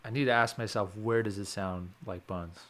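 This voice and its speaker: A man's voice: fairly low pitch, steady tone, normal speed, fairly bright tone. A young man producing music on a livestream, musing aloud and questioning his own choices as he works. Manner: thinking aloud, self-questioning. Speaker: music producer live-streaming. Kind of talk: casual livestream commentary.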